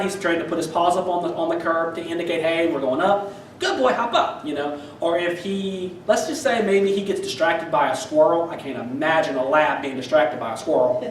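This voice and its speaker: A man with a high voice tells stage stories in a dry, self-mocking way, tripping over fillers and restarting his sentences. The sound is roomy and set back from the mic, with a faint ambient hum behind him. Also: distant mic. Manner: wry, self-deprecating, many fillers and restarts. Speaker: comedian telling stories. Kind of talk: stand-up storytelling.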